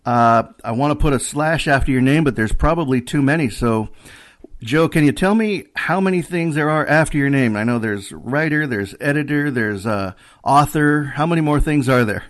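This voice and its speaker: A man's voice: mid-range voice, animated, moderate pace. Easygoing man hosting a radio interview. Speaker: radio host. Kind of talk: casual interview.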